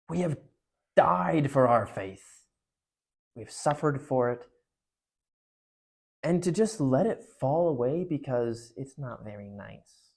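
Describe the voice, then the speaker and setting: Animated young man giving a church talk. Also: medium pitch, slow, vocal fry, long pauses. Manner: emphatic, joking, swings between loud and hushed. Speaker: parish speaker. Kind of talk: youth talk.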